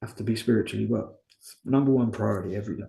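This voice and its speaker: A man's voice: on the low side, very fast, creaky, dark tone, roomy sound. A man as an interview guest, talking candidly and earnestly about his own life, often asking and answering his own questions. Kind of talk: candid conversational storytelling.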